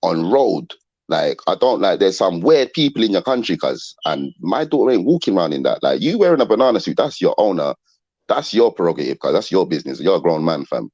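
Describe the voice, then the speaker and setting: A man's voice: low voice, very animated, a little fast, darkish tone, no echo, lo-fi sound. A man debating casually on an online panel, hesitant and searching for words.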